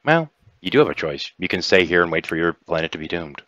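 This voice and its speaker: Man doing an earnest, compassionate woman leader in a tabletop game, voice low and deep, talking in a measured, persuasive way. The sound is dull, dry and lo-fi. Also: big pitch swings, a bit bright, dry recording. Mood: grave. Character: compassionate grave woman leader, Lady Kiva.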